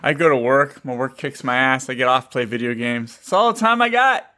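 A man's voice: mid-range voice, fairly quick, bright, forceful tone. A man hosting a podcast, talking in a laid-back, casual way. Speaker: podcast host. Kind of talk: casual conversation.

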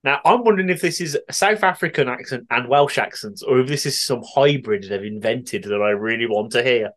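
Reading listener answers on his podcast, a West Midlands man keeps things casual, giggling, laughing and swearing often. His mid-range voice is a bit bright, and he talks briskly.

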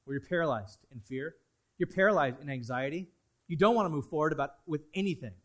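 A man preaching a sermon to his congregation, swinging between loud, pressing emphasis and quiet, hushed asides. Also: on the high side, quick pace. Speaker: pastor.

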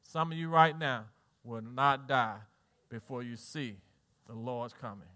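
A middle-aged man with a Southern US accent preaching a sermon as pastor, swinging between soft low lines and loud exhortation, folksy and joking with the congregation. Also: a little slow.

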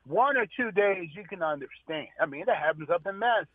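A man's voice: high-pitched, animated, a little fast. A man calling into a radio show by phone, speaking earnestly and complaining. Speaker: caller. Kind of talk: call-in radio conversation. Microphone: phone line. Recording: tinny phone line.

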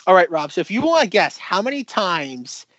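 A man's voice: high voice, very animated, normal speed, fairly bright tone, no echo, dull audio. A man co-hosting a podcast in playful casual chat, swearing casually. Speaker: podcast co-host.

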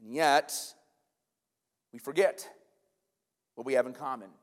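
An American man preaching a sermon as pastor, lively and conversational, checking in with the congregation with frequent asides. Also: mid-range voice, measured pace. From United States. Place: church sanctuary. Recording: long hall reverb in a sanctuary.

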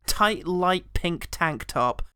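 A man's voice: sits high, lively intonation, slow pace, bright, forceful tone, smooth, no room sound, studio quality. A man co-hosting a casual movie podcast, recounting scenes with wry humor and frequent laughs. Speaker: podcast co-host. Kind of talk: casual film-review chat.

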